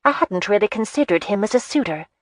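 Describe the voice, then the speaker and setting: A woman voicing a young, earnest marchioness in an audiobook, speaking briskly and earnestly. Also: mid-range voice, animated, dry recording, studio quality, pitched above the performer's own voice, close to an everyday voice. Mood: flustered.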